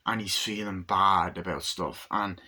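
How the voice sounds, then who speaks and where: Bright-voiced young man rambling through a movie review. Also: low voice, fairly even intonation, unhurried. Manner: rambling, fillers and casual swearing.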